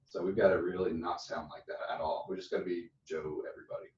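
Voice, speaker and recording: Coaching brief: low-voiced Southern man, relaxed sales coach, roomy and a bit distant. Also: fast. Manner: relaxed, chatty, demonstrates phone lines in a put-on voice. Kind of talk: phone script coaching session. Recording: dull roomy sound from a distance.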